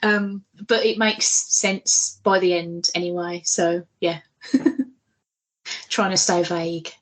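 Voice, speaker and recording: A woman's voice: fairly low pitch, steady tone, slow, poor audio. A woman co-hosting a podcast, chatting casually and laughing often. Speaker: podcast co-host. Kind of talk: casual chat.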